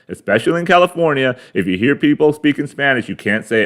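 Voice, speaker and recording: A man's voice: medium pitch, lively intonation, fast talker, hardly any pauses, fairly bright tone. A man in his forties from the United States, hosting a rambling, crude solo monologue full of fillers and restarts. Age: 40s. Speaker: podcast host. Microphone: camera mic.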